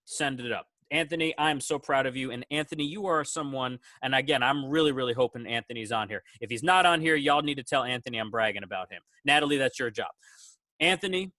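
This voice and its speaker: A man, a teacher, giving a casual award speech to his students on a video call, praising each one with animated quoted asides. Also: medium pitch, no room sound.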